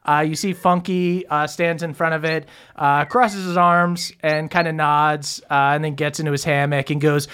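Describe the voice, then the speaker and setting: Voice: medium pitch, fairly even intonation, normal speed, few pauses, a bit bright, clear, resonant tone. A game master narrating a tabletop game in a casual, hesitant way with many fillers.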